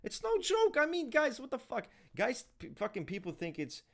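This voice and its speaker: A man in casual podcast talk, ranting and swearing heavily in an animated way. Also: very high voice, moderate pace, creaky, a crowd in the background. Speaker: podcast co-host. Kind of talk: heated casual discussion.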